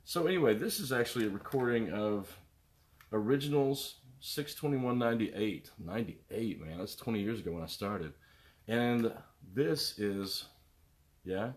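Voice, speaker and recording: A man's voice: on the low side, measured pace. A middle-aged man, a musician, rambling casually to viewers on his live stream, greeting them by name and jumping between topics. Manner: animated, jumps between topics.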